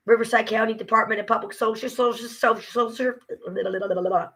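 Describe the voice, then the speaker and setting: A woman's voice: medium pitch, steady tone, brisk, fairly bright tone, breathy edge, poor audio. An exhausted woman talking casually to her viewers, weary and frustrated, venting with mocking asides. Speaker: vlogger. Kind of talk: casual talk to camera.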